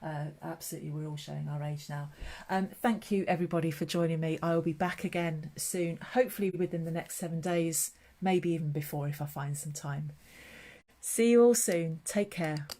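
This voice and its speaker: A woman's voice: deep voice, normal speed, mellow. A middle-aged woman hosting a papercraft live stream, chatting casually and answering viewers by name.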